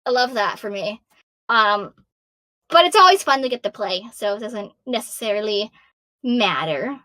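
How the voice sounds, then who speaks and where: A woman in her thirties from Massachusetts, a voice actor answering fan questions in a bubbly, self-deprecating way, with a high-pitched voice that is going hoarse from so much talking. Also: expressive, normal speed, sharp tone, dry recording. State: losing her voice. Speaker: voice actor guest. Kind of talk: casual Q&A answers.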